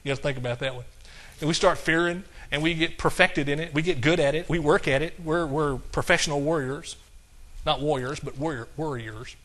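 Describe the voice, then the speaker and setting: A male preacher delivers a sermon with a slightly raised pitch. He talks in a folksy, conversational way and slows into a measured cadence whenever he quotes scripture. Now and then he chuckles at his own jokes. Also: fairly even intonation, a bit bright.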